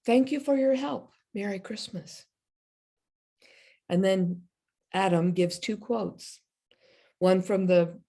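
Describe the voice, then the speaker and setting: A woman minister giving a sermon, telling a story and then leading a slow, meditative prayer. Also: lowish voice, gravelly, warm tone.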